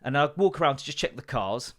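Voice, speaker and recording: A man's voice: mid-range voice, animated, fast talker. Rambling, sweary podcast guy. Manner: swearing, rambling storyteller doing voices. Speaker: podcast host. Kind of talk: casual comedic rant.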